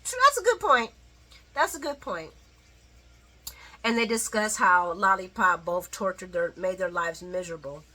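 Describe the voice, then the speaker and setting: A woman giving a casual late-night soap opera recap, animated and swearing freely as she acts out the characters. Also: fairly low pitch, moderate pace, long pauses.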